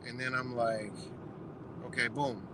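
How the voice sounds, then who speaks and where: A young man casually telling a story, quoting others in quick exchanges and swearing freely, recorded on a phone outdoors. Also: medium pitch, level tone, background noise. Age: young adult. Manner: retells doctors' talk in quick quoted exchanges, swears freely. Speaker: vlogger.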